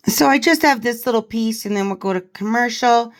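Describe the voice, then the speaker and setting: A woman with a tired, hoarse voice that sits a little high reads articles aloud for her channel. She keeps it casual and gossipy, stopping often to throw in a remark of her own. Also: a little fast, hardly any pauses. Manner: gossipy, reads aloud with asides and small laughs. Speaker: commentary channel host.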